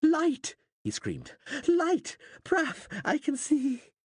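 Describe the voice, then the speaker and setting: A man's voice: very high-pitched, wildly swooping pitch, takes it slowly, no room sound, clean studio sound, pitched above the performer's own voice, heavily acted. A male narrator voicing a frightened male scholar who screeches and yelps in panic, in an audiobook reading. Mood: alarmed. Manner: shrieking, panicked outbursts.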